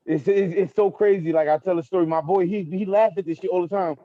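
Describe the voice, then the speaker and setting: A man's voice: high-pitched, fairly even intonation, fast talker, no room sound. Laid-back Brooklyn man, dull dry sound. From Brooklyn, New York. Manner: laid-back street slang, keeps saying "you feel me". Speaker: battle rapper guest. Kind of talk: casual interview talk.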